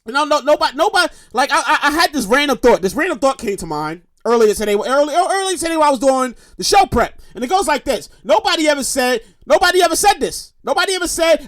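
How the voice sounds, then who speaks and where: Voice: high voice, animated, brisk, fairly bright tone, no room sound, clean studio sound. A podcast host in their thirties, rambling through a casual, profane monologue and repeating phrases for emphasis. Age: 30s.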